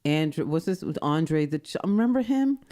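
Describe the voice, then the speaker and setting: A woman's voice: deep voice, animated, a little slow, mellow. A middle-aged woman co-hosting a podcast, reacting and chatting casually with her daughter. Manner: reactive, amused, talks back and forth. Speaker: podcast co-host. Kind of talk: casual chat.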